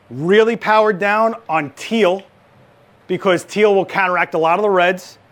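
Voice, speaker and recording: A man running a live photography lighting demo, chatty and joking, with quick asides. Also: high voice, a bit bright. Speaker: photography instructor.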